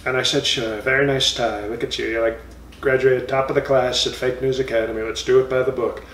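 A man's voice: mid-range voice, fairly even intonation, a little fast, fairly bright tone, slight background noise, close to an everyday voice. Man impersonating a bragging former president, rambling and mocking, distant mic, roomy room. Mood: boastful. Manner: boastful, rambling, insulting nicknames. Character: comic impression of a blustering former male president. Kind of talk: comedy impression monologue.

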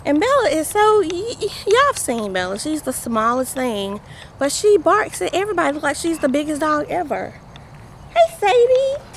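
A woman's voice: sits high, big pitch swings, moderate pace, a bit bright, a little hiss or hum. A pregnant woman chatting playfully in a casual family vlog, filmed on a handheld camera. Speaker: vlogger.

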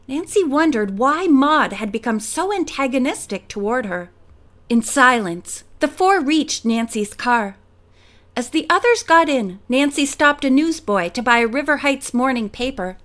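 High-voiced woman reading an audiobook. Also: lively intonation, measured pace, fairly bright tone. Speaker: audiobook narrator.

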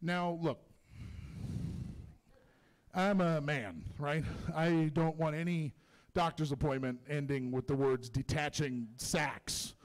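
A man performing a stand-up comedy set in a comedy club, telling stories in an animated, profane way. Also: on the high side, slow, pauses often.

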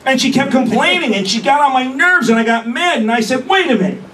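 A man's voice: very high-pitched, animated, a little fast, bright, forceful tone. A man doing a crude, brash stand-up comedy set, recorded on a distant mic with room noise. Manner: brash, crude, punchy delivery.

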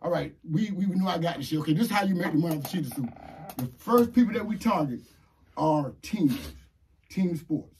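A man loudly pitching a product at a live comedy show, boastful and profane, repeating himself. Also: lively intonation, a little fast. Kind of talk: loud rambling sales pitch. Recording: distant mic with crowd noise.

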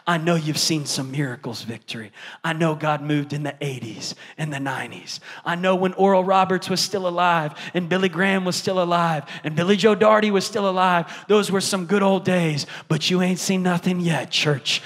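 High-voiced, emphatic male pastor preaching. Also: normal speed, a bit bright, big-room sound. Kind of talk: sermon. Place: large church.

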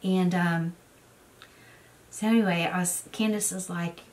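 A woman's voice: fairly low pitch, steady tone, measured pace, far from the mic. A woman chatting casually in a get-ready-with-me vlog, telling a rambling story full of fillers. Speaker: beauty vlogger.

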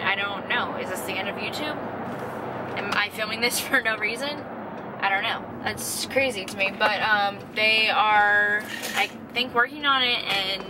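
A woman's voice: medium pitch, heavy background noise. Tired young woman rambling in a vlog. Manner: rambling and self-deprecating. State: tired and drained. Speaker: vlogger. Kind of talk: casual vlog chat. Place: car and home.

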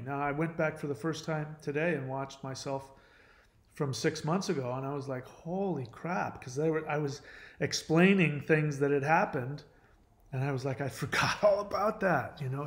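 A channel host, male, chats casually and personally to the camera in an earnest, confiding tone, often breaking off and restarting. His voice is a little high and the sound is roomy.

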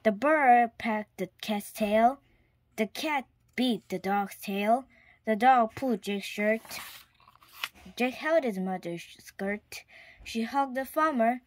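A woman reading a children's picture book aloud in a clear storytime manner, now and then dropping to a whisper. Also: a little high, takes it slowly, dry recording. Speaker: storybook reader.

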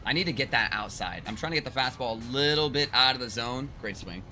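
A man giving excited, joking gameplay commentary with crude trash talk and bursts of yelling. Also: medium pitch, fast talker, loud music behind the voice. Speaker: gaming video creator.

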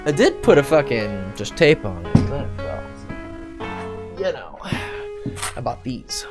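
A man's voice: mid-range voice, big pitch swings, measured pace, music in the background. A man hosting his own gaming channel, rambling in casual, self-mocking, profane commentary at home while he plays. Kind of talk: casual Let's Play commentary. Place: home room.

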